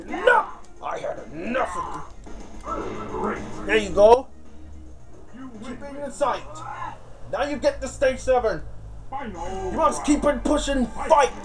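A man playing a fighting game who coaches himself out loud, yelling, swearing and urging himself on in a frantic way. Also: very high-pitched. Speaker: gamer.

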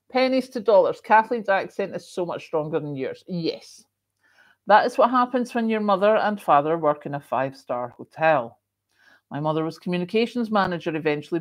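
Reading viewer comments on her livestream, a middle-aged Scottish woman chats casually in a fairly low-pitched voice and a moderated accent. Coughs and ums come up often.

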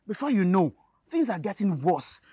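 A lovesick, rich Nigerian suitor in a film drama. His voice is high and husky, swinging widely in pitch. The sound is dry. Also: very animated, moderate pace, dark tone, no room sound, heavily acted. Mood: anxious. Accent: Nigerian Pidgin. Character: lovesick rich young Nigerian man, anxious then boastful.

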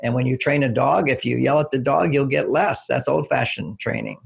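An older man interviewed as a relationship author talks casually in a husky, medium-pitched voice with vocal fry, at a fairly quick pace. He explains with everyday examples and acts out little quotes in a raised voice.

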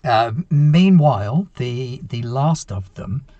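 A man narrating as game master in a tabletop game over voice chat, relaxed and matter-of-fact. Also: medium pitch, slow, dry recording, dull audio.

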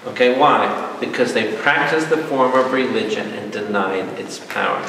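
A priest leading a Bible study, animated and jokey, quizzing his audience. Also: lowish voice, moderate pace, creaky. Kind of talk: lively Bible study teaching. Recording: echoey hall, mic far off, noisy.

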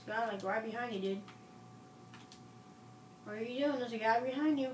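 A woman's voice: fairly high pitch, brisk, long pauses, background noise. Woman, casual gaming chat, playfully nagging, distant echoey phone recording. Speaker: gamer. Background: game sounds from a TV.

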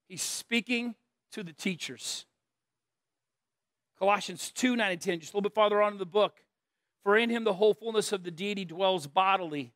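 A man's voice: sits high, a bit bright, no room sound, studio quality. A middle-aged man preaching a conversational sermon, earnest but breaking into joking asides and self-deprecating stories. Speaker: pastor.

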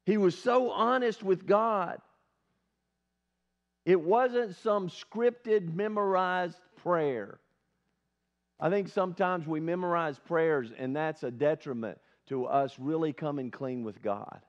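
Male pastor, earnest conversational sermon, high voice, muffled lo-fi recording. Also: takes it slowly. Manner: earnest, conversational, asks the congregation questions. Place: church service.

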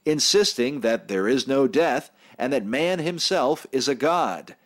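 A man giving measured, skeptical scripted documentary narration. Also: medium pitch, animated. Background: music.

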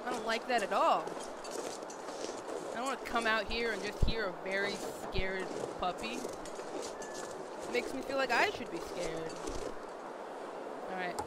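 A young woman casually commenting while playing a video game, chatty and profane, talking to her character. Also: medium pitch. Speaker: gaming video host. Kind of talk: casual let's-play commentary. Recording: noisy audio with loud game ambience.

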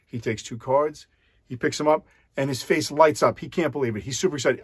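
A magician walks the viewer through a card scam step by step, talking to camera in a relaxed, direct way. His medium-pitched voice moves a little fast with a breathy edge, recorded in clean studio quality with no room sound.

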